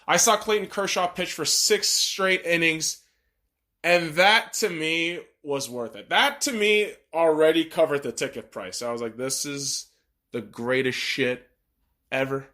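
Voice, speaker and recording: A man's voice: fairly high pitch, animated, measured pace, pushed and bright. A man hosting a podcast, talking in a blunt, profane, ranting monologue. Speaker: podcast host.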